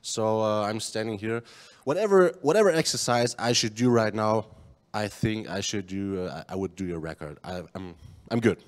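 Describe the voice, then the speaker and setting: A man from Germany, an arm wrestler answering questions in halting English. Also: on the low side, long reverb tail. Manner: halting non-native English, hesitant restarts.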